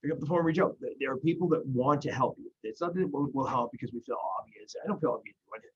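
Fast-talking earnest man, husky. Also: mid-range voice, muffled recording. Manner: earnest, rambling with restarts. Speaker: guest in recovery. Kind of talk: casual conversation.

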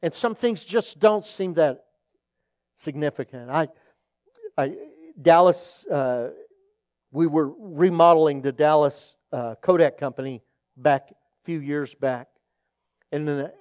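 A man's voice: on the high side, darkish tone, dry recording. A man preaching as a pastor, telling stories earnestly and acting out the people in them. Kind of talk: sermon with personal storytelling.

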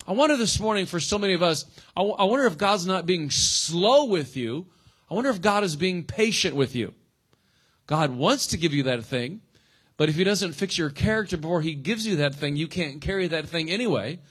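A man's voice: fairly high pitch, fairly quick, a bit bright, slightly rough. Casual, slangy preaching man. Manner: conversational, slangy preaching with acted-out quotes. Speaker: pastor. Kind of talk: sermon.

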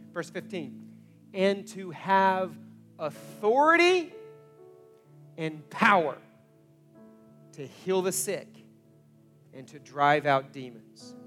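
A man preaching a sermon as pastor, telling stories in an animated way that swings from hushed asides to loud exclamations. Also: on the high side.

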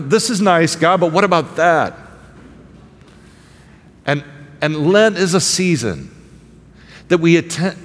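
Man preaching a lively conversational sermon. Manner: conversational, often asks the congregation "right?"; acts out quoted voices with sarcastic rises in pitch. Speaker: pastor. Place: church sanctuary. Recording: hall reverb.

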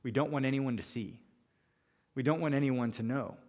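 A man's voice: medium pitch, moderate pace, darkish tone, long reverb tail. A man preaching a sermon, walking through scripture verse by verse and voicing the characters in his own paraphrases. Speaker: pastor.

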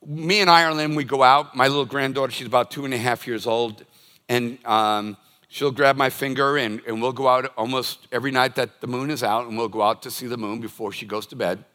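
A man's voice: medium pitch, fairly even intonation, brisk, sharp tone. An older man preaching a sermon as a pastor, telling stories and acting out everyday scenes. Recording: long reverb of a large hall.

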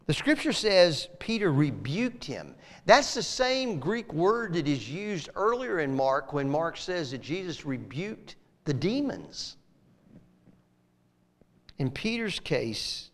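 A male pastor preaching a sermon, swinging from emphatic lines to soft, near-whispered ones. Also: fairly high pitch, in a large hall.

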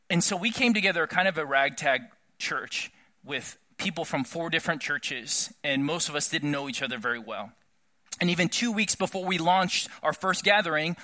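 A man pastor talks to his congregation in a relaxed, conversational way. His voice is bright and sits a little high. He pokes fun at himself and acts out the prayers he quotes. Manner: conversational, self-deprecating, animated when quoting. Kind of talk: casual sermon.

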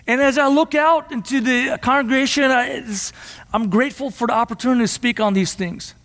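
Impassioned preacher in an echoing hall. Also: male voice, very high-pitched, brisk. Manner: impassioned, rising to near shouts. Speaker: pastor. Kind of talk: sermon. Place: church.

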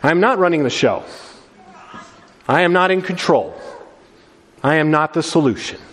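A man delivers a sermon with earnest conviction, his voice sitting a little high. He often restarts and doubles his words as he explains. The sound rings out with the long reverb of a large sanctuary. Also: normal speed, fairly bright tone. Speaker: preacher. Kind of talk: sermon with slides.

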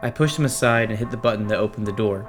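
A man's voice: on the low side, quick pace. A man narrating a first-person horror story in a tense, dramatic way. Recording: narration over clear music. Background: music.

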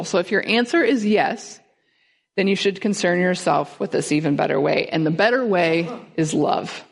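Lady preaching a sermon, kinda low voice, chatty and asks the room questions. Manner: conversational, asks the audience questions. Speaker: guest speaker. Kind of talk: sermon teaching.

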